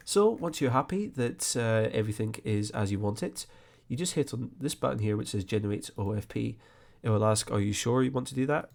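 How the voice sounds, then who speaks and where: A man hosting a screen-recorded flight sim tutorial, explaining step by step in a relaxed way with frequent fillers. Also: lowish voice, gravelly.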